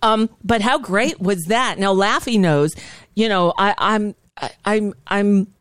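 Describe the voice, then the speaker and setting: A woman's voice: medium pitch, slow pace, clean tone, no room sound. A woman hosting a talk show, chatting casually in a scattered, rambling way with many fillers and restarts into a studio microphone. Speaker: radio show host.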